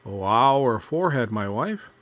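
A man voicing a sly, jealous old male owl who speaks in a low murmuring croon that trails off to a hush. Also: big pitch swings, measured pace. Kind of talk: storybook character voice.

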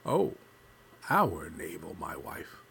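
A man voicing a sly, jealous old male owl who speaks in a low murmuring croon that trails off to a hush. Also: huge pitch swings, slow, vocal fry, slight background noise, heavily acted. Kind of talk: storybook character voice.

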